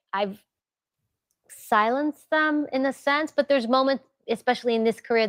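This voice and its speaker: A woman guest in an interview, talking in a reflective, measured way. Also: fairly high pitch, smooth, no echo, studio quality. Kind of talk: interview conversation.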